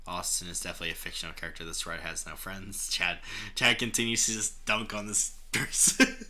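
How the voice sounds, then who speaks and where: A young man reads a clumsy fan story aloud, stopping often to joke about it. His voice sits low but sounds very bright and forceful, and he laughs and swears as he goes. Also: a little fast. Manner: sarcastic, laughs often, swears, breaks off to comment. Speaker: host reading fan fiction aloud. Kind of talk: mocking dramatic reading with banter.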